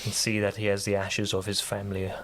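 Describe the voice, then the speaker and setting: A man's voice: fairly low pitch, monotone, fairly quick, a bit bright, a little hiss or hum. A man on a podcast casually retelling a story, rambling with lots of fillers and restarts. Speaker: podcast co-host.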